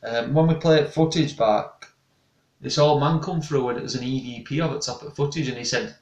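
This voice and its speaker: A young man rambles through a casual live chat with his viewers. His voice has a gravelly edge. He sits back from the mic in an echoey room. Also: medium pitch, fairly quick, far from the mic. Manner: rambling, chatty, restarts often. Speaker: paranormal investigator and channel host. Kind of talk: casual live-stream chat reading comments.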